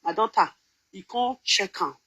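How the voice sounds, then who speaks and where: A woman's voice: medium pitch, lively intonation, moderate pace, pushed and bright, husky, low-quality recording. A middle-aged Nigerian woman chatting casually to her viewers, laughing often and breaking into bits of song. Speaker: vlogger. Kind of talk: casual chat.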